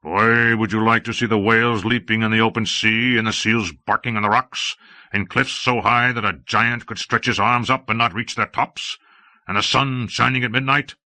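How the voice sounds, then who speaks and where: A man voicing a bold, gruff male Norse raider chief in an audiobook reading, speaking deliberately. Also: on the low side, expressive, bright, forceful tone, no room sound. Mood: commanding.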